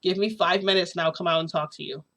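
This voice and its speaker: A woman's voice: fairly low pitch, steady tone, fast, a bit bright, lightly acted. A woman voicing a huge, powerful grown man giving strained, urgent orders.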